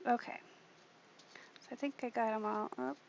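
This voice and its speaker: Chatty woman with a gravelly voice. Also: fairly high pitch, steady tone, moderate pace. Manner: chatty, thinking aloud while working. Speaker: craft channel host. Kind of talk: casual craft tutorial. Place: home craft room at a desk. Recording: muffled, lo-fi audio with background noise.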